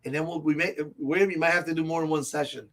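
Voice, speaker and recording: A man with a high-pitched voice hosts a laid-back tabletop gaming chat. He rambles, gets carried away with excitement and laughs a lot, talking from a comic and game shop. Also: fast talker. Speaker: host of a tabletop gaming show. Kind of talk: casual live stream chat.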